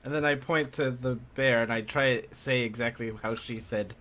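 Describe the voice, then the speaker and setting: A man's voice: mid-range voice, fairly even intonation, normal speed, fairly bright tone. A man playing in a tabletop game, describing and acting out his character's gestures. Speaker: player.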